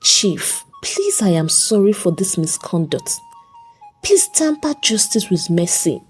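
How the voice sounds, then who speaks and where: A woman voicing a bossy young woman who talks in a shrill, emphatic way, in a storybook reading. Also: sing-song, slow pace, husky, soft background music, exaggerated voice. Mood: pleading. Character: bossy young woman, scolding then pleading.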